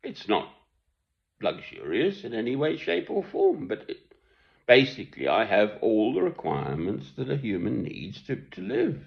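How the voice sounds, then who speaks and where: A man's voice: mid-range voice, wildly swooping pitch, normal speed, gravelly. An older man giving a rambling, chuckling monologue from home, self-deprecating and meandering. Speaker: online commentator. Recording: dull lo-fi recording.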